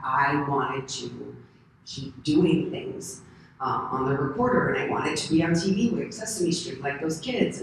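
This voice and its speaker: A woman in her thirties from the United States, a convention panel guest answering questions in a rambling, animated way and laughing often. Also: deep voice. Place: large convention hall. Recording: echoey hall from far off, faint noise.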